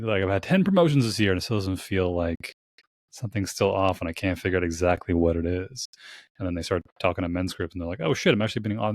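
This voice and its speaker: A man's voice: deep voice, dry recording, studio quality. A man hosting a podcast, talking in a casual, rambling way, swearing freely and laughing easily. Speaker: podcast host. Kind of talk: casual conversational interview.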